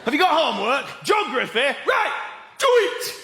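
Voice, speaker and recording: A man putting on an angry, loud middle-aged businessman dad with a Northern English accent, barking clipped sentences. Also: very high-pitched, big pitch swings, moderate pace, heavy background noise, voice pushed up, heavily acted. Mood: bellowing. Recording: echoey theatre with loud audience laughter.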